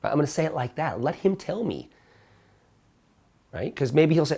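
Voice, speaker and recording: Animated man telling stories to a group. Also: normal speed, long pauses, slightly rough. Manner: animated storyteller acting out quoted dialogue in higher voices. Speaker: dating coach. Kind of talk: casual coaching talk to a small group.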